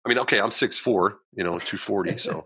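A man tells his personal story as a guest in a conversation, with a very deep, forceful voice and a rapid pace. He animates his story by acting out the people he quotes, and pads his sentences with "you know". The recording is dry and close. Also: breathy edge, no room sound.

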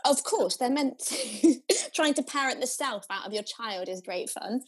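A woman co-host chatting casually, warm in tone, laughing often and stretching out her phrases. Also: a little high, lively intonation, measured pace, slightly rough. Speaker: podcast co-host. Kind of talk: casual chat.

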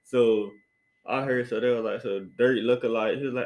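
A young man riffs through a casual solo podcast rant with loose slang, doubling back on his words as he goes. His pitch sits in an ordinary middle range. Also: fairly even intonation, normal speed, a little mellow, rough recording. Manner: slangy, rambling, repeats himself. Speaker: podcast host.

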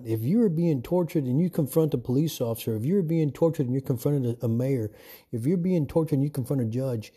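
A self-made preacher with a mellow, slightly rough, medium-pitched voice gives an informal sermon from home. His monologue rambles and repeats itself, and he keeps addressing his listeners as "folks."

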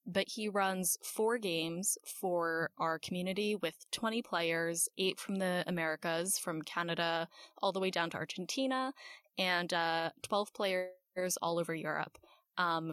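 A woman guest on a podcast, telling stories in relaxed casual chat with frequent fillers. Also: lowish voice, measured pace, no echo. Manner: relaxed storytelling with many fillers.

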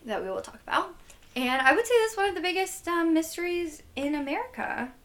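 A woman's voice: extremely high pitch, expressive, fairly quick, fairly bright tone. A young woman co-hosting a podcast in casual comedic chat, teasing and laughing often. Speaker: podcast co-host.

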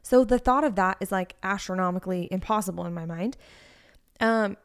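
A woman's voice: mid-range voice, a little fast, smooth. A young adult woman co-hosting a podcast, telling a story in an emotional, rambling way with lots of fillers. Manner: emotional, rambling, heavy use of "like". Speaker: podcast co-host. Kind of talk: casual chat.

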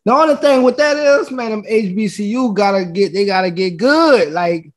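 A man co-hosting a casual sports podcast who chimes in with quick agreement and short casual remarks. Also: high-pitched, roomy sound, background noise. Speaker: podcast co-host.

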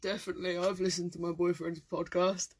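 A man's voice: high voice, flat delivery, brisk, breathy edge. A man, a cheeky, giggly podcast guest who swears a lot. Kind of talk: casual stoned banter.

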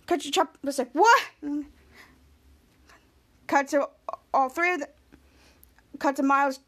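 Lady podcast host going cut by cut through an episode, high voice, lots of restarts. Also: fairly even intonation, moderate pace. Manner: rambling scene-by-scene narration with restarts. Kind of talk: casual episode recap.

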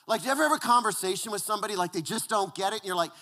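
A male pastor preaching a conversational sermon, repeating words and dropping to a hushed, low voice for emphasis. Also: lively intonation, racing.

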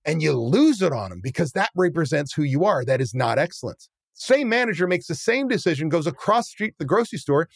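A man's voice: on the high side, fairly quick, gravelly, hardly any pauses, husky, no room sound, studio quality. A man who owns a restaurant, chatting casually and animatedly, acting out scenes and swearing bluntly. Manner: animated, acts out scenes with quoted voices. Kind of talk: casual chat, storytelling.

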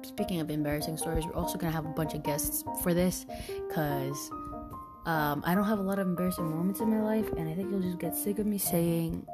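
A woman's voice: fairly low pitch, a little fast, loud music behind the voice. A young woman hosting her own podcast, chatting casually and rambling with many fillers. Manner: rambling, animated, lots of fillers. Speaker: podcast host. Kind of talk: casual solo podcast chat.

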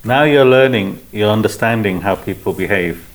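Low-voiced man teaching calmly. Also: moderate pace, poor audio. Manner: calm, explanatory, repetitive phrasing. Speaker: spiritual teacher. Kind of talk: teaching discussion.

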